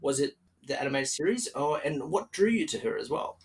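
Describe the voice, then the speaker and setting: An Australian man hosts a casual podcast interview in a friendly, chatty way. He talks at an ordinary, mid-range pitch. His speech is loose and upbeat, full of fillers and restarts. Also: big pitch swings, fairly quick, breathy edge. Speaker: podcast host.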